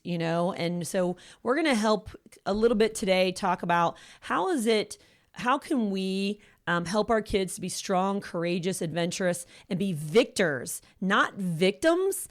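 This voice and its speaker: A woman's voice: medium pitch, lively intonation, moderate pace. Chatty middle-aged woman co-host. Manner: chatty, with frequent affirmations. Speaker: podcast co-host. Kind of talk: casual conversational talk.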